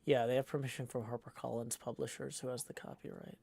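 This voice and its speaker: A man livestreaming in casual chat, reading viewer messages aloud and rambling with many pauses and restarts. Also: mid-range voice, flat delivery, vocal fry, mellow, slightly rough. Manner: hesitant and rambling, many ums and restarts, tries out playful howls.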